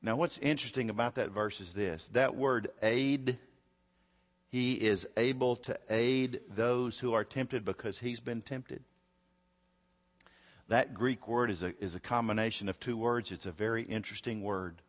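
A man preaching a sermon. He swings from loud to hushed and asks rhetorical questions, with long hall reverb. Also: medium pitch, moderate pace.

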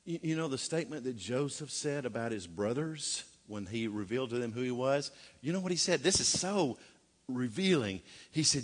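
A man's voice: mid-range voice, expressive, normal speed. A middle-aged man preaching a sermon in a folksy way, with joking asides and rhetorical questions. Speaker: pastor.

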